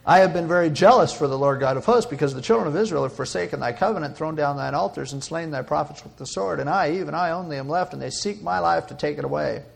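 A man's voice: medium pitch, normal speed, vocal fry, hardly any pauses, pitched below the performer's own voice, close to an everyday voice. A man voicing a weary, aggrieved male prophet who speaks in solemn, old-fashioned words.

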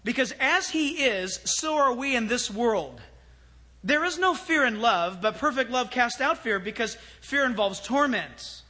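A pastor delivers a sermon in a very high, unhurried voice. He is animated, swinging between loud exclamations and hushed storytelling.

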